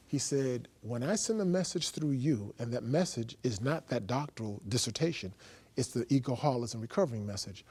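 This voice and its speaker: A man, a guest on a faith program, telling his testimony as a lively story and acting out both sides of a dialogue. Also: mid-range voice, normal speed, breathy edge. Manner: acts out dialogue, swinging from loud to hushed.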